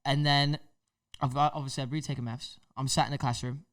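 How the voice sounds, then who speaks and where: An Englishman in his twenties co-hosting a casual podcast, telling a story with laughter and animated energy. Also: mid-range voice, a little fast. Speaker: podcast co-host. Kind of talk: casual chat. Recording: voice a little off-mic.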